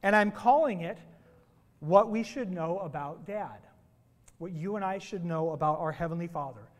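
A high-pitched male pastor delivers a sermon in a church sanctuary, his voice trailing off into a long hall reverb. He tells jokes in a playful, animated way before he starts preaching. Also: normal speed. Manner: playful, animated joke-telling.

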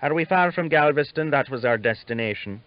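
A man's voice: mid-range voice, lively intonation, brisk, no echo, pitched above the performer's own voice, natural voice. A man voicing a bald, jolly older Irishman with an Irish accent, genial and wry, on a dull lo-fi recording.

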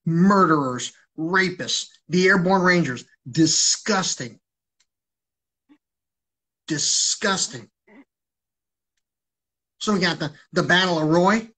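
A man's voice: sits high, slow, pauses often, sharp tone. A man ranting on a livestream in an agitated, rambling way, swearing heavily.

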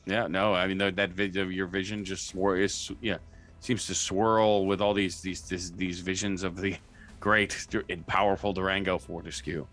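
A game master with a fairly low voice, talking in an easygoing, halting way and often restarting his sentences. Soft music plays faintly underneath. He rules on checks in plain, casual terms. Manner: relaxed, halting, many restarts. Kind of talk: running a tabletop game.

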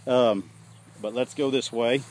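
A man's voice: mid-range voice, fairly even intonation, measured pace, darkish tone, a little hiss or hum. Folksy man touring his farm outdoors. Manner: rambling, folksy, talks to viewers as y'all. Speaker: homesteader showing his farm. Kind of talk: casual walking tour vlog. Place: outdoors on a farm in hot weather. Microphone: phone camera held while walking. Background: sheep and goats bleating.

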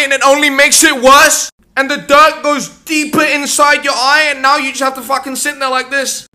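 A young man delivering a profane comedic rant, swearing constantly and bursting into shouts. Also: very high voice. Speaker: comedy ranter.

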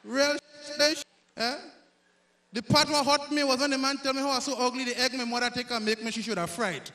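Grenadian man, very high voice, loud crowd-working stand-up, self-mocking jokes. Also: fairly even intonation, brisk, slight background noise. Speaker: stand-up comedian. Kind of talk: stand-up comedy set. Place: live comedy stage before an audience.

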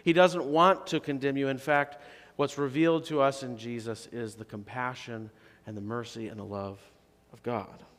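A male pastor delivers a sermon in a church sanctuary, and his mid-pitched voice trails off into a long reverb. He talks to the congregation conversationally, lifting his voice on emphatic questions and then dropping to soft, low phrases. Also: steady tone, moderate pace.

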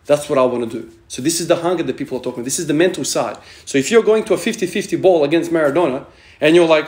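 A man's voice: on the high side, very fast, a little mellow. A man in his thirties giving a blunt, profane motivational monologue as a strength training vlogger, hammering points home with "man". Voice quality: profane, emphatic, repeats "man". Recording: echoey room.

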